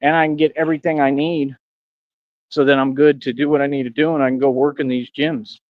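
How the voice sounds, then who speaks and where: A man's voice: on the high side, level tone, brisk, dry recording, phone-quality sound. Boastful man ranting to his chat. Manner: boastful, confrontational, slangy. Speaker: livestreamer. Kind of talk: casual livestream rant to chat.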